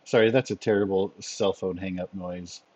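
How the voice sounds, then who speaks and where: A man running a tabletop game as game master, narrating in a relaxed, thoughtful, joking way over an online session. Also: deep voice, normal speed, dull audio, a crowd in the background. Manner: relaxed, thoughtful, given to jokes. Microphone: home computer mic over voice call.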